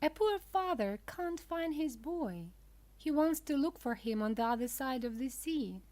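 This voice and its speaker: A worried old village woman in a children's storybook, as a woman reads her part. she speaks with sympathy, slowly. the voice is a little high. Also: animated, darkish tone. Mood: sympathetic.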